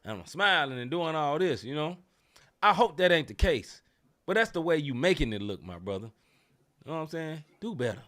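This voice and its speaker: A man's voice: fairly high pitch, fairly quick. Emphatic slangy podcast co-host man. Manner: animated, emphatic, slangy, repeats phrases. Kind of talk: casual sports talk.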